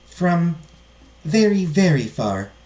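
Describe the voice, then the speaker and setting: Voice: medium pitch, sing-song, slow pace, mellow, pitched above the performer's own voice, rough recording. A game streamer voicing a polite, slightly nervous young foreign princess.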